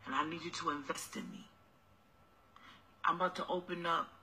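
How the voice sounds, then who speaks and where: Woman as smooth-talking deadbeat guy begging for tax money, low and wheedling, sharp tone. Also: fairly even intonation, moderate pace, rough recording.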